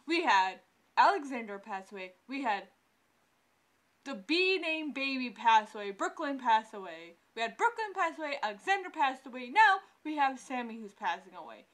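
A woman's voice: sits high, big pitch swings, normal speed, a bit bright. A young woman giving casual let's-play commentary, chatty and exclaiming often at what happens in the game. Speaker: gameplay commentator.

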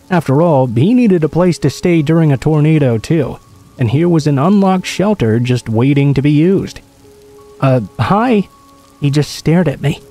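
A man telling a first-person horror story in a steady, measured scripted narration. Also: medium pitch. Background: faint music and rain.

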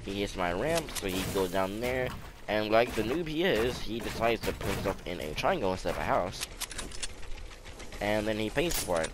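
An excitable man talks through his gameplay in casual commentary and yells at his teammates when a fight heats up. His pitch swoops up and down a lot. Loud game sounds play over his voice. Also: normal speed, very noisy. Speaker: gaming video creator.

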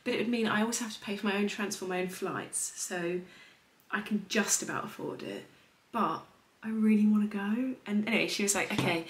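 A woman's voice: medium pitch, brisk. A young woman in her twenties, talking in a rambling, confiding way as she vlogs her day. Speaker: lifestyle vlogger. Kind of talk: chatty vlog narration. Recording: echoey room, faint noise.

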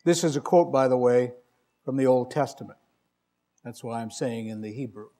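A man's voice: mid-range voice, normal speed, warm tone. A male preacher delivering a sermon, telling stories with dry humor and reading scripture with emphasis. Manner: wry, conversational storytelling with emphatic scripture reading.

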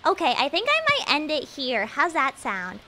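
A young woman streaming a video game live, rambling and joking at herself, swinging from mumbled asides to loud excited bursts. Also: sits high, normal speed, a little hiss or hum. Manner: rambling, self-mocking, jumps between mumbling and loud excitement. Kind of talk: live gameplay stream chatter.

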